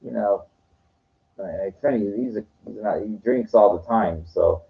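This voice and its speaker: In a dull lo-fi recording, a vlogger with a fairly low, creaky voice talks a little slowly. His casual monologue wanders through stories, with occasional profanity.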